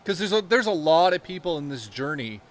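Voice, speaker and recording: A man's voice: on the high side, very animated, brisk. A man hosting a casual stream chat, talking enthusiastically and swearing casually. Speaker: stream host.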